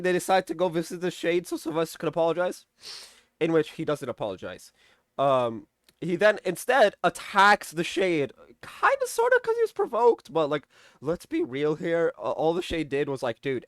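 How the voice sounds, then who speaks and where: A man's voice: sits high, fairly bright tone, smooth, dry recording, studio quality. A young man recapping a TV episode in a casual, rambling way, swearing freely and tossing in sarcastic mock quotes of the characters. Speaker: TV episode reviewer.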